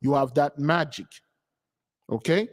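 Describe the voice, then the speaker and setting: A man hosting a spiritual channel, preaching casually to followers in an animated, emphatic and mocking way. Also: fairly high pitch, a little slow, big-room sound. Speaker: channel host giving a spiritual talk.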